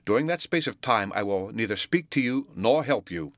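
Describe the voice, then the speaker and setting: A man narrating speaks for a grave, reserved young woman teacher in a low, clear, restrained voice. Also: expressive, normal speed, a bit bright, no echo. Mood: stern.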